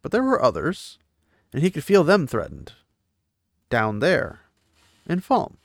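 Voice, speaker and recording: A man's voice: on the high side, wildly swooping pitch, unhurried, creaky, dry recording, studio quality. A man giving a casual chapter recap, paraphrasing the story and breaking in with offhand asides. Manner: paraphrases the text, mixing reading with offhand asides. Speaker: book series recap host.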